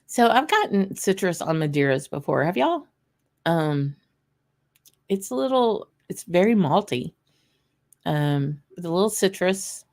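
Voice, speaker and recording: Low-voiced woman hosting a whisky stream. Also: very animated, measured pace, long pauses, darkish tone. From Louisiana, USA. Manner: chatty and rambling, laughs often, greets viewers. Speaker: host of a whisky livestream. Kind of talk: casual live tasting chat.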